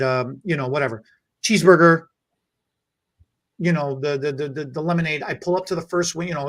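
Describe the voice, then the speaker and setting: A man hosting a podcast, telling a story in a casual, animated, rambling way. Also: a little high. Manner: animated, rambling, many fillers and restarts. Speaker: podcast host.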